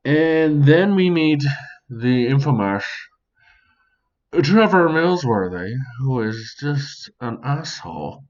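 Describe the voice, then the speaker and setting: Man, solo podcast host, unhurried delivery, lively swooping pitch, dull lo-fi home mic. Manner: animated, swears freely, addresses imagined audience. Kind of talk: casual solo podcast commentary. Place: home near a sink.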